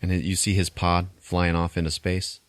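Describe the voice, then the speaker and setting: Recapping a film's story for his podcast, this co-host speaks at a moderate pace in a low-pitched voice, cursing crudely throughout his lively retelling. There's no room sound.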